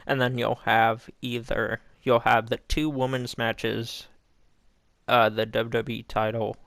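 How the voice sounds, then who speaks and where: A man's voice: medium pitch, little pitch movement, takes it slowly, creaky, fairly bright tone, no room sound, clean studio sound. A young man casually recapping a wrestling show, rambling with lots of fillers and acting out what people said. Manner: rambling, filler-heavy, acts out quotes.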